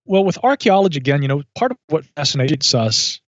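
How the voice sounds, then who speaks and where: Man, podcast guest, measured storytelling, dull lo-fi sound, dry. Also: a little high, sing-song, no room sound. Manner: thoughtful, measured, with asides and self-corrections. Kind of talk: reflective storytelling in conversation. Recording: dull lo-fi audio.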